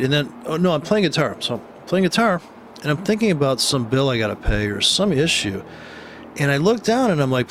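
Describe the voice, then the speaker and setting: A man's voice: fairly high pitch, fairly bright tone, a little hiss or hum. Blunt, rambling man talking about trading. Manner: blunt, rambling, swears freely, asks rhetorical "right?". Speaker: trading educator. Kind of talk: casual unscripted trading commentary.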